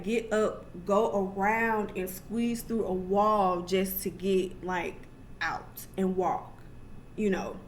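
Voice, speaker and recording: A woman's voice: mid-range voice, slight background noise. A young adult woman telling a personal story to camera in a casual, chatty way, full of asides and restarts. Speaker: vlogger.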